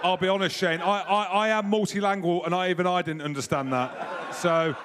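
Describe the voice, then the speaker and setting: A man's voice: high voice, steady tone, moderate pace, background noise. A man hosting a live rugby panel in front of an audience, teasing the guests and joking. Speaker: host.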